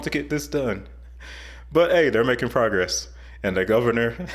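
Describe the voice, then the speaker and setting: A man hosts his online show with chatty, excited commentary over video clips. He jokes often, and his voice sits at a middle pitch. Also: moderate pace. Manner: chatty, enthusiastic, joking. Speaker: YouTube host.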